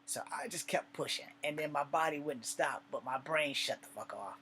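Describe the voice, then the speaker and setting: Casting: relaxed man with a slightly high voice, swearing his way through a military anecdote, faint hum behind. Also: moderate pace. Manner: profane, laid-back anecdote telling. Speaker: army veteran storyteller. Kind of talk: casual storytelling vlog.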